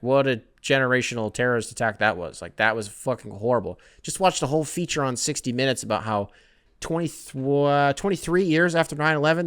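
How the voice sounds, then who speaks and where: A young man hosting a podcast, ranting casually with lots of swearing and quick put-on quotes. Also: medium pitch, a bit bright, clear, resonant tone. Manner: profane, rambling, jumps into mocking quoted voices. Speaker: podcast host. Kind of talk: casual comedic rant.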